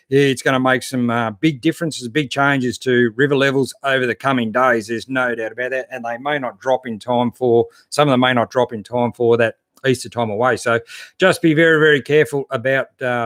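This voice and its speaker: Aussie live-stream host, easygoing and matey, mid-pitched voice, close dry sound. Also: male voice, fairly bright tone, no room sound. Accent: Australian. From Australia. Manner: laid-back, matey, lots of fillers and restarts. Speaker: 4WD channel host. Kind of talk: casual live-stream chat reading viewer comments.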